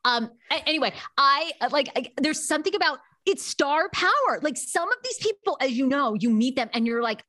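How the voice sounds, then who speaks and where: A woman's voice: sits high, fairly quick, hardly any pauses, dry recording, clean studio sound. A woman who is a red carpet reporter, talking as a guest in a casual chat and telling gossipy stories with lots of likes and restarts. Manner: gossipy, animated storytelling with many likes and restarts.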